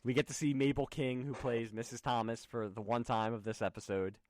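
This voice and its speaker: A man's voice: mid-range voice, fairly even intonation, fairly quick, a little mellow, no room sound. Dry close-mic man recapping chattily. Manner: chatty recapping, restarts and asides. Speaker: podcast host. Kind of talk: casual chat.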